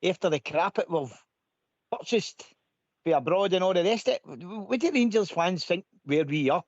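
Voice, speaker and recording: A Scottish man with a high voice co-hosts a phone-in show, speaking in an animated way that stumbles and restarts as he goes. The sound is dry and close, and slightly dull and lo-fi. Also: normal speed, no echo. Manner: animated, stammers and restarts as he talks. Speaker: co-host of a fan phone-in show. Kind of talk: casual opinionated chat.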